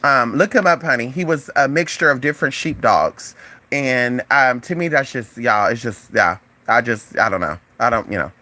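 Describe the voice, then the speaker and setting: On a livestream, a spiritual advisor chats casually at normal speed, animated and profane. She calls viewers "honey" and "y'all" and breaks into sudden high exclamations.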